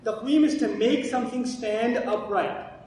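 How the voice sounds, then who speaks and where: A man's voice: unhurried, a little mellow. A man teaching Quran commentary, asking his audience questions and answering them himself. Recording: echoey hall, distant mic, faint rumble.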